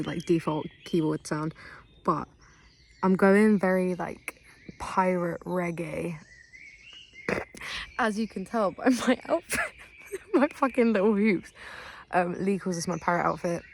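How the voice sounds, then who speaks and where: A woman's voice: lowish voice, gravelly, a little hiss or hum. A young woman, chatting casually and rambling in a vlog while sitting outdoors in woodland. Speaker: vlogger.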